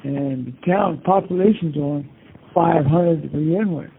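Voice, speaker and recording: Here an older man being interviewed over a prison phone call wanders casually from memory to memory, peppering his speech with "you know" and cursing. His pitch runs on the high side, with vocal fry and a slightly rough edge, and he's in no hurry. The audio is tinny.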